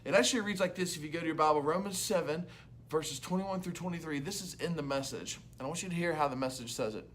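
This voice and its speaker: A young adult man, a youth pastor, giving an energetic, loud and chatty devotional talk to camera. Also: on the high side, fast, a little hiss or hum.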